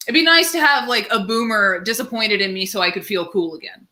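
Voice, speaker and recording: A woman's voice: medium pitch, brisk, hardly any pauses, sharp tone. A woman co-hosting a comedy podcast, chatting casually and laughing through rambling asides.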